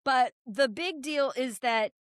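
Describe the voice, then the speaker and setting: A woman from New Hampshire, a state legislator, telling stories in a blunt, profane, animated way during a casual podcast chat. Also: high-pitched, slow pace, smooth, no room sound, studio quality. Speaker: state representative guest.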